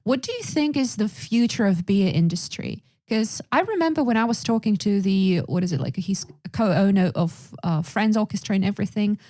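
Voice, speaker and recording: A woman's voice: medium pitch, animated, normal speed, hardly any pauses, warm tone, no room sound, clean studio sound. A woman from Russia co-hosting a podcast in casual chat, chatty and fond of acting out what people said. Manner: chatty, acts out quoted lines. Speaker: podcast co-host.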